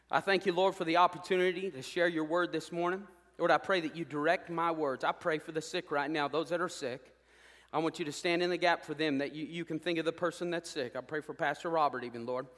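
A bright, high-voiced man preaches a sermon in a church sanctuary with a long echo. He gets fired up, swinging between loud declarations and hushed asides. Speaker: pastor.

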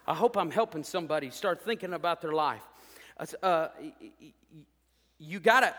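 A male pastor delivers a folksy, joking sermon, driving his points home with emphatic, rising peaks. His high voice sounds bright and forceful, and a big hall gives the sound a long reverb.

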